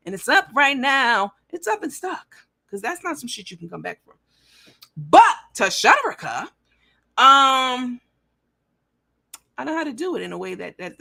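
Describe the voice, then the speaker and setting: A woman's voice: mid-range voice, gravelly. A woman hosting a casual livestream who reads viewer comments aloud and talks in a blunt, profane, rambling way. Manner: animated and lively. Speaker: livestream show host.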